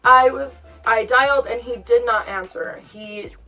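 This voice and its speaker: Young woman chatting thru a breakup story, kinda high voice, far from the mic, faint music behind. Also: unhurried. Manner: chatty, animated retelling with quoted dialogue. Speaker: vlogger. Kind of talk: casual storytime.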